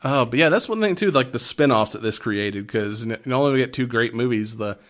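A man's voice: medium pitch, animated, a little fast, a bit bright. Laughing, loose-talking man in casual movie chat. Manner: laughing often, loose and profane.

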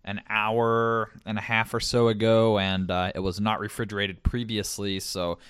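A man co-hosting a podcast in casual chat, relaxed and chatty with lots of fillers. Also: on the low side, normal speed, clear, resonant tone, no room sound. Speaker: podcast co-host.

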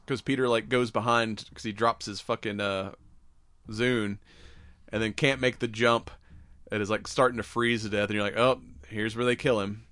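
A man's voice: mid-range voice, sharp tone, dry recording. A young man hosting a podcast, rambling through a movie recap in casual chat, full of swearing and acted-out lines. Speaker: podcast host.

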